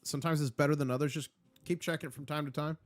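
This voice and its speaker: A man's voice: fairly high pitch, steady tone, rapid-fire, no room sound. A man hosting a casual live stream, reading out viewer comments in an upbeat, rambling way. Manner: rambling, with fillers and restarts. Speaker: livestream host.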